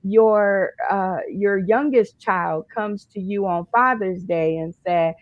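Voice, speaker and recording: A woman's voice: mid-range voice, takes it slowly, few pauses, no echo, lo-fi sound. A woman hosting a comedy game show for dads, teasing the panel with a playful manner. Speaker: host.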